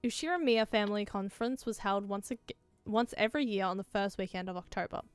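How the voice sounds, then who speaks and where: A woman's voice: medium pitch, quick pace, smooth, no echo, soft background music. A woman reading a visual novel aloud and chatting casually between lines, swearing freely. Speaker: streamer.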